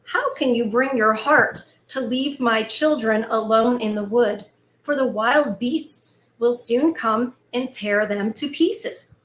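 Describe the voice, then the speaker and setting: A woman's voice: on the high side, slow, a bit bright. A woman reading the lines of a poor, worried woodcutter father, anxious and pleading. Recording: echoey room, faint ambience.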